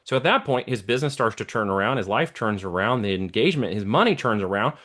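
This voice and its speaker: A middle-aged man speaks as an interview guest, delivering a motivational talk. He has a fairly low voice and a preachy manner, and he often stops to check that the listener is following. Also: animated, fast talker, fairly bright tone. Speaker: guest, entrepreneur.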